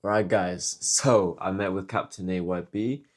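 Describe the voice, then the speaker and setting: A man's voice: low voice, steady tone, a little slow. A tired young British man of eighteen wrapping up a casual travel vlog in a laid-back way. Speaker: travel vlogger.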